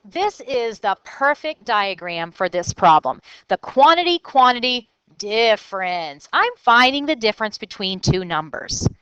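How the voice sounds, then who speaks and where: A woman teaches a recorded math lesson to children, walking through each step out loud in an upbeat way. Her voice sits fairly high and swings widely in pitch. It is smooth and clear, recorded dry and close. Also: sing-song, measured pace, few pauses, no echo, highs cut off. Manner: upbeat, thinks aloud step by step.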